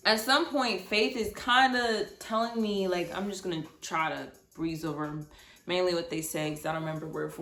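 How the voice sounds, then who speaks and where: Blunt, animated young woman in an echoey room. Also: fairly low pitch. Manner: animated, blunt, swears freely. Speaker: vlogger. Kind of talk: casual storytime.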